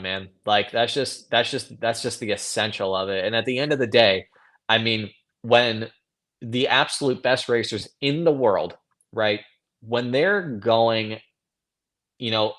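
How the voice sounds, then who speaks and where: A man's voice: medium pitch, a bit bright. A man who races motocross, a guest on a podcast, talking earnestly and padding his sentences with "like" and "you know.". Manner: filler-heavy, earnest, says like and you know a lot. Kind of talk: casual interview chat.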